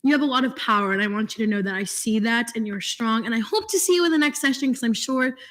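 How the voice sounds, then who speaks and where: A young woman student senator giving quick, enthusiastic, affectionate shout-outs at a meeting. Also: fairly high pitch. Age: young adult. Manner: warm, enthusiastic, gushing.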